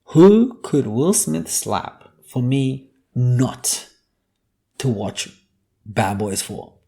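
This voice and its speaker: Gravelly man ranting on a podcast. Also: mid-range voice, very animated, drawn-out words, warm tone. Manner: profane, joking, ranting. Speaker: podcast host. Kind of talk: casual solo podcast monologue.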